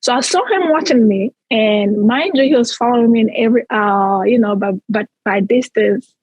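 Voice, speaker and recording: Guest from Central Africa, woman, animated storyteller with a slightly high, husky voice and a dry close sound. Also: normal speed, dry recording, poor audio. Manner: animated, tells stories in long chains of "so". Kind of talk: casual storytelling.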